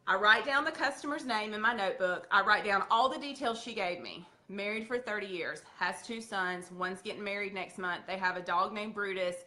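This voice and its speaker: A woman's voice: medium pitch, pushed and bright. A woman with a Southern accent giving a sales training talk, chatty, acting out her talks with customers. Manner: chatty, acts out customer dialogue.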